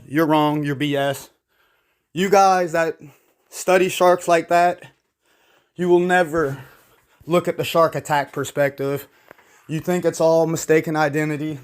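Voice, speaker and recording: A man giving casual video commentary in a blunt, opinionated, rambling way. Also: on the high side. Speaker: YouTube commentator.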